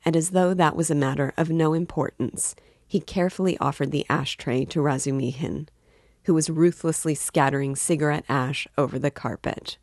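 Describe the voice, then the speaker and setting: A woman reading a classic novel aloud in steady, measured narration. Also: low voice, no echo, studio quality. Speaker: book reader.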